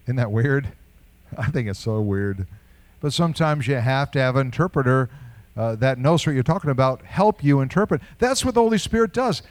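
A man's voice: mid-range voice, normal speed, no echo. An older man preaching a sermon in a conversational way, asking rhetorical questions and chuckling now and then. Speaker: pastor.

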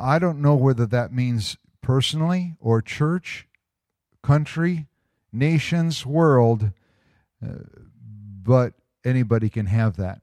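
A man giving a sermon as pastor, reading a prophetic word slowly and with emphasis, with casual asides in between. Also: lowish voice, darkish tone, no echo, studio quality. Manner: conversational asides with fillers.

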